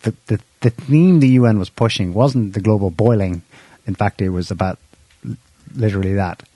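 Low, dark-voiced man chatting dryly. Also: fairly quick, no room sound. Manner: wry, sarcastic, laughs at his own points. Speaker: podcast host. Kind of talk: casual political chat.

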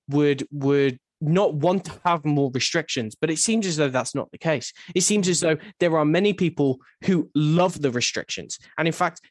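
A man with a slightly raised pitch speaks reflectively in a casual panel discussion. He halts often and repeats words. His voice sounds dry and close, with no room echo.

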